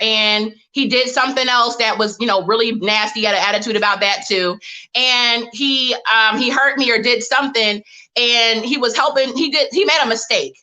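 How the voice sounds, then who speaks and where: A woman speaking to a live online audience, mixing motivational points with personal stories in a direct, lively way. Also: on the high side. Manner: lively, direct, talks straight to the audience as "y'all". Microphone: webcam or phone mic on a live stream.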